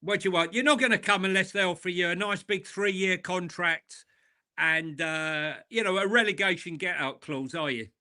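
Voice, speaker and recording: A man's voice: high voice, normal speed, pushed and bright. A man co-hosting a football podcast, teasing his partner in playful casual chat. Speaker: podcast co-host.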